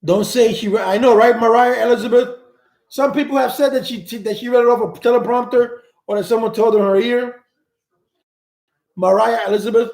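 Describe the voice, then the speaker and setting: A man's voice: extremely high pitch, fairly even intonation, fairly quick, a little mellow. A man hosting a live stream, reading viewer comments and rambling through his opinions, often repeating words while he searches for them. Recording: echoey room.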